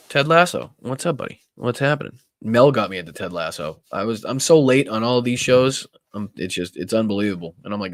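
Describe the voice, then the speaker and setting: A man's voice: lowish voice, a little fast, no room sound. A man with a Boston accent hosting a political live stream, ranting with heavy profanity. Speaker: political podcast host.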